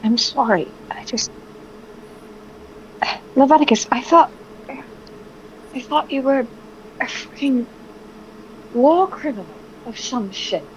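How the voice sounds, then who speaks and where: Girl playing a flustered mom-to-be sorceress, swears a lot, high voice, kinda dull audio. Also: lively intonation, slow, pauses often, slight background noise. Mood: remorseful. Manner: frantic, swearing, stumbling over words. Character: expectant young female sorceress, hot-tempered. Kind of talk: tabletop role-play.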